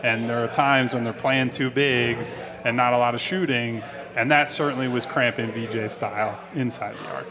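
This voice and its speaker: Guy cohosting a live draft stream, fast and animated, pokes fun at the other hosts, crowd noise behind. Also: mid-range voice. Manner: quick, animated, ribbing co-hosts. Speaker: sports podcast co-host. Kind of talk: casual live draft-night panel chat.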